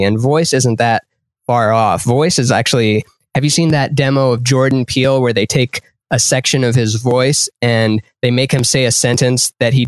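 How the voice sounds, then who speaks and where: A man's voice: medium pitch, dry recording. A young man, a guest artist and podcaster, musing his way through a casual interview with lots of "like". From partly raised in Canada.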